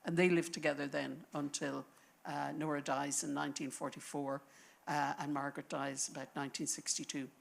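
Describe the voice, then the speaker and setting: A woman speaking on a panel, telling a history as a story in an animated, thinking-aloud way. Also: sits low, brisk, gravelly. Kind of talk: conversational panel talk. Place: lecture panel before an audience.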